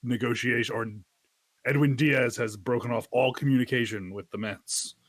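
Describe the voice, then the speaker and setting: A man's voice: medium pitch, fairly even intonation, normal speed, a bit bright, dry recording. A man co-hosting a casual podcast, teasing and wry while chatting about sports. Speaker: podcast co-host. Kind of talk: casual chat.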